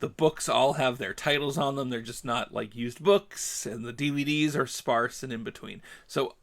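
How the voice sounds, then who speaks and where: A podcast host spins a casual story, playing out each line of dialogue with mounting animation that turns heated. He speaks at a normal pace in a creaky, mid-range voice.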